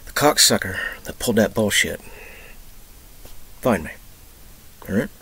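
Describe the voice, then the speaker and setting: A low, gravelly man from Texas talks in a rambling personal monologue, swearing freely. He swings between loud, emotional bursts and hushed whispers, with faint hiss behind him. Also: animated, a little slow, rough recording. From Texas, USA. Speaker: vlogger.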